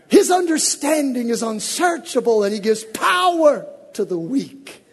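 A male pastor preaching with a very high, husky voice that rings out through a long hall reverb. He drops to near-whispered asides, then climbs to shouted calls to the congregation. The delivery is dramatic and direct. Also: big pitch swings, measured pace, hardly any pauses. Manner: dramatic, swings from hushed asides to shouted exhortation. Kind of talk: sermon.

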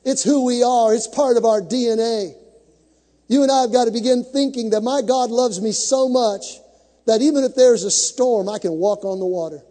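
A male pastor preaches to his congregation with dramatic build-ups, acting out the scripture stories he tells. His voice is extremely high yet warm, at normal speed, trailing off into long reverb.

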